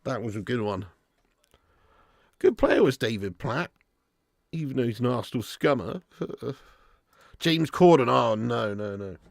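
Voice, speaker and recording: A man's voice: medium pitch, expressive, unhurried, gravelly, long pauses, dry recording, studio quality. A man hosting a live football watch-along stream, joking with chat in slangy banter and laughing often.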